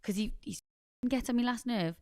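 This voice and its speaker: A woman's voice: fairly high pitch, brisk, dark tone. A woman co-hosting a podcast in casual chat, telling stories and reading listener messages aloud. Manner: chatty storytelling, reads listener messages aloud. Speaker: podcast co-host.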